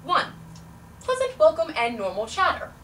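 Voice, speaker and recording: A young woman in an audition, playing a prim, fussy female language teacher who lectures in formal, deliberately precise diction. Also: high-pitched, wildly swooping pitch, a bit bright, a little hiss or hum, full character voice. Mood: prim, dry. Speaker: auditioning actor. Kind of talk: audition monologue, comic. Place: audition room. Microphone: far camera. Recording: echoey room from a distance.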